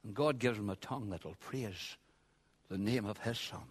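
A man preaching a sermon, swinging from quiet asides to loud, shouted passages. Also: lowish voice, normal speed, slightly rough. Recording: long hall reverb.

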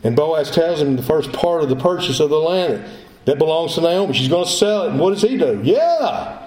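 A man's voice: a little high, a little fast, a little mellow. A male pastor preaching a sermon, emphatic, repeating his phrases as he builds his point. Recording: echoey room.

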